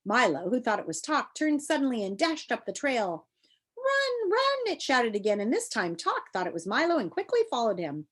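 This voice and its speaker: Brief: woman narrator, animated storytelling, lively pitch. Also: a little fast, hardly any pauses, husky. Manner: expressive storytelling. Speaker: reader. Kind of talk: reading a children's novel aloud.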